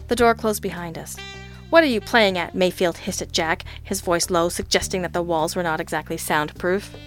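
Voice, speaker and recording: A woman's voice: lowish voice, steady tone, moderate pace, faint music behind. Wry woman narrating a detective story. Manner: dry, wry first-person narration. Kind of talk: audiobook reading of a detective story.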